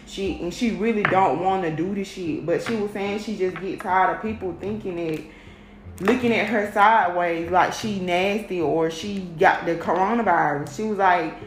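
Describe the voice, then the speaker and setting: A woman's voice: fairly low pitch, moderate pace, slight background noise. A woman talking straight to her audience in a casual rant, blunt, emphatic and full of swearing. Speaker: vlogger. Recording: roomy echo with faint music.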